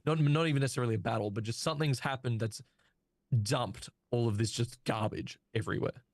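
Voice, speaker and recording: A man's voice: medium pitch, brisk, darkish tone, no echo. A man narrates as game master, feeling his way through scenes with plenty of ums and likes. His voice sits mid-range and the sound is dry and close, like a home mic on a voice chat. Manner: loose, hesitant narration full of fillers.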